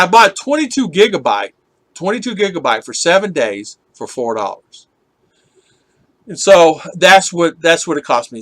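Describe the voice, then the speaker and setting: A man's voice: a little high, a bit bright, no echo. A man hosting a casual live stream, rambling and chatting with viewers, laughing often as he reads their comments.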